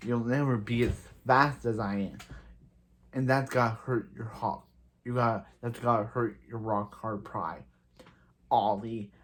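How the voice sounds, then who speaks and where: A man's voice: medium pitch, a little hiss or hum. A man recapping a TV episode in a casual, rambling way, with many restarts and filler words. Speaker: show reviewer.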